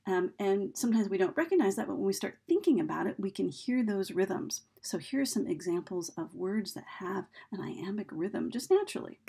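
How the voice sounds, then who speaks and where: A woman talks through poetic rhythm like a teacher in a relaxed lesson, pausing on ums and restarting her phrases. Her voice is gravelly and a little husky. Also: medium pitch. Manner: chatty and explanatory, with frequent ums and restarts. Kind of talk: casual lesson on poetry meter.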